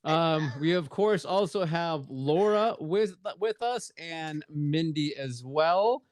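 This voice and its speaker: A man's voice: fairly high pitch, expressive, takes it slowly, dry recording. A man co-hosting a casual podcast, easygoing and joking as he greets chat viewers by name. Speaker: podcast co-host.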